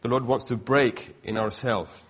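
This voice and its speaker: A man's voice: medium pitch, measured pace, breathy edge. A middle-aged man preaching a sermon in a conversational way, full of asides and rhetorical questions.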